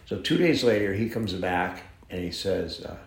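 A man being interviewed, telling a long anecdote with lively shifts in voice as he acts out the people in it. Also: sits low, moderate pace. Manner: animated, acts out dialogue in the story. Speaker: interview guest, horse farm owner. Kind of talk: anecdotal storytelling. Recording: roomy echo.

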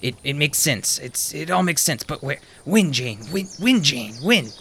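A man voicing a wrinkly old man who mutters and stammers, repeating himself in a frantic high voice. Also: very animated, moderate pace, gravelly, pushed and bright, a little hiss or hum, exaggerated voice. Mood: frantic muttering.

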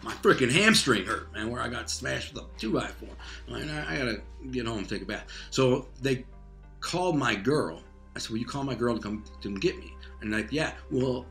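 A man's voice: medium pitch, a bit bright. A man casually telling a personal story in loose, profane street talk, full of fillers like "man" and "like.".

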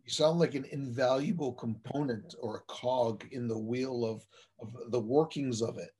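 Male interviewer, slightly husky voice, easygoing short replies. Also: medium pitch, normal speed. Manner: relaxed, short reactions. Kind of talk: casual interview.

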